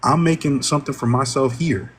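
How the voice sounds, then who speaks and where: A man's voice: mid-range voice, brisk, a little hiss or hum. A man in a heated online debate, exasperated and argumentative, cursing freely as he makes his case.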